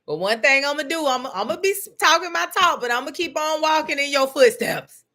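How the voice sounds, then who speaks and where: Woman spiritual teacher with a bright, forceful voice; laughs through prayer, then slows to a soothing meditation cadence. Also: sits high, lively intonation. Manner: laughs often, talks to God aloud. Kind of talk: spoken prayer and guided meditation.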